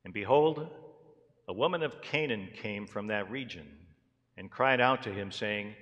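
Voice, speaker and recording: A man's voice: lowish voice, measured pace, fairly bright tone. A man, a pastor, preaching a sermon, first reading scripture and then telling stories in an earnest way. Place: church sanctuary. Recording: long hall reverb in a church.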